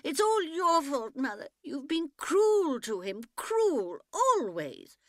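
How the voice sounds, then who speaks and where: A woman voicing a young schoolgirl who wails and sobs hysterically in a shrill, tearful voice. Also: sing-song, takes it slowly, no room sound, studio quality, heavily acted. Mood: wailing.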